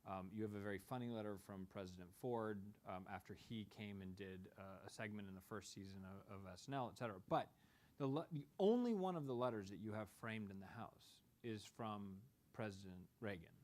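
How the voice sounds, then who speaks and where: A man interviewing a guest on stage, halting and repeating words as he sets up questions. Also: lowish voice, darkish tone. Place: stage before a live audience.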